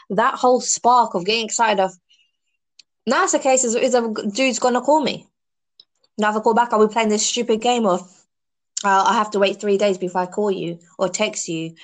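A woman chatting casually as a podcast guest, eating snacks while she talks. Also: on the high side. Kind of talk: casual chat.

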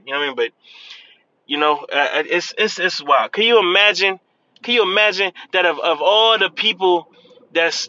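A man hosting a talk show, riffing in casual slang and tacking a drawn-out "man" onto his lines. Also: high voice, pushed and bright, no echo, highs cut off. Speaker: podcast host. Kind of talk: casual commentary.

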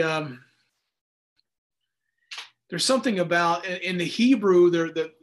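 A man with a notably high speaking voice leads a Bible study in a relaxed, conversational way. He rambles a little, restarts his sentences, and drops into quick acted-out asides. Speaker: Bible teacher. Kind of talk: casual Bible study teaching.

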